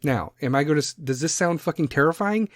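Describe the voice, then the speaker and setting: A male podcast host rants bluntly and sarcastically, swearing in nearly every sentence. His voice swings widely between low grumbles and high emphatic peaks. The recording is dry and close, with no room sound. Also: lively intonation, brisk, no room sound. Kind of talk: profane solo podcast rant.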